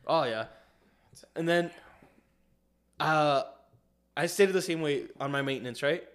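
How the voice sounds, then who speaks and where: Young guy on a podcast, kinda high voice, bro this bro that, super casual. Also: measured pace. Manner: slangy, says "bro" constantly. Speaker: podcast co-host. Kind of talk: casual chat.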